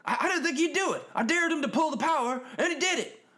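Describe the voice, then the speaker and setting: A hyper southern announcer. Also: male voice, fast talker, full character voice. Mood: gleeful. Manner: high, shouty, laughing excitement. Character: hyper southern wrestling announcer, middle-aged man, joking.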